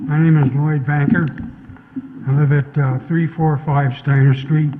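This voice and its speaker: A man's voice: on the high side, little pitch movement, background noise. Older man reading a formal statement. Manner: formal, measured, slightly halting. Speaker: resident speaking at public hearing. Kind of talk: reading a prepared public statement. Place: town hearing room. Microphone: podium mic, later table mic. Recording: dull lo-fi local broadcast audio.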